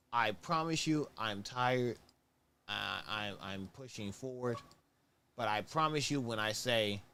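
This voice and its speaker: A man's voice: mid-range voice, a bit bright, smooth. A man hosting a casual sneaker review show, talking in a laid-back, rambling way, often correcting himself and sounding tired. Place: at home on camera, moving around.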